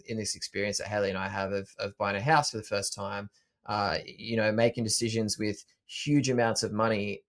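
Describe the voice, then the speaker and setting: A man hosting a podcast conversation, talking in a calm, reflective way and often correcting himself mid-sentence. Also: lowish voice. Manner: thoughtful, self-correcting, calm. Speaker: podcast host.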